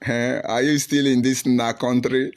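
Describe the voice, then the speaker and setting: A man's voice: medium pitch, level tone, a little slow. A man with a Nigerian accent giving preachy, taunting livestream commentary while reading out viewer comments.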